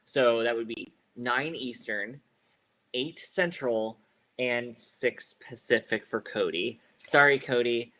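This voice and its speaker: A man co-hosting a relaxed live show, chatting with his partner and the viewers. He talks in an animated, lively way and breaks into laughter often. His voice sits in a mid range. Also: medium pitch, slow. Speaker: podcast co-host. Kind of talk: casual live-stream chat.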